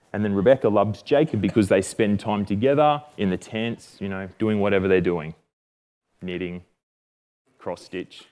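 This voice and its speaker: A man's voice: on the low side, darkish tone. Chatty Australian man teaching scripture. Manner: chatty and jokey, self-correcting. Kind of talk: casual Bible teaching.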